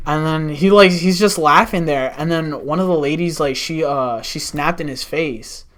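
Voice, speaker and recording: A young man tells stories on a podcast, his voice sitting a little high. He talks in a loose, animated way, swearing freely and slipping into the voices of the people in his stories. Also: normal speed. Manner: animated, swears a lot, acts out quotes. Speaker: podcast guest. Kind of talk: casual storytelling.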